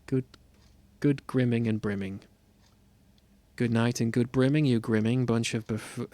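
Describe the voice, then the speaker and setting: A man's voice: mid-range voice, fairly even intonation, a little slow, pauses often, dark tone, no room sound. A man co-hosting a comedy podcast, trading jokey banter and playing up mock indignation. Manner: mock-indignant, stumbles over a tongue-twister sign-off. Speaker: podcast co-host.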